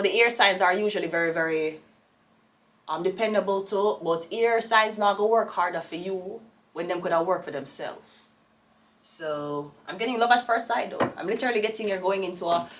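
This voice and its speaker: A woman's voice: lowish voice, fairly quick, distant mic, slight background noise. Blunt Jamaican woman reading tarot. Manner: rambling, blunt and profane, with sudden loud rants. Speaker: tarot reader.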